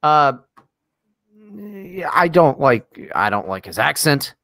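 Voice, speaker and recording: A man's voice: mid-range voice, sing-song, slow, a bit bright, no echo, clean studio sound. An American man co-hosting a podcast, talking in a casual, profane and sarcastic way with lots of fillers. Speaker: podcast co-host. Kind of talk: casual chat.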